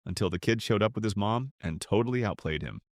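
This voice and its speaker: A man's voice: lowish voice, animated, fast, dry recording, studio quality. A man narrating a celebrity compilation in a scripted voice-over.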